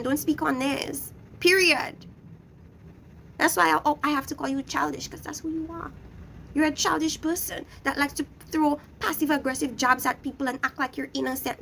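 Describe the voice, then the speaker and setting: A woman's voice: high-pitched, gravelly, a bit bright, a little hiss or hum. A young woman recapping a reality show in a blunt, scolding rant, talking straight at the people she criticizes. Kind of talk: ranting show review.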